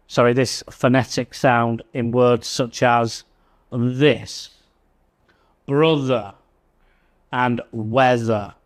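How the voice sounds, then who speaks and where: A man teaching English pronunciation, slowly repeating example words with clear emphasis. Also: medium pitch. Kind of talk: slow, careful pronunciation lesson.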